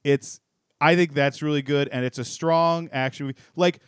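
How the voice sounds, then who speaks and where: A man co-hosting a podcast, chatting casually and retelling things in a rambling, animated way with many restarts. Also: on the high side, measured pace, smooth, no room sound, clean studio sound. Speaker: podcast co-host. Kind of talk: casual chat.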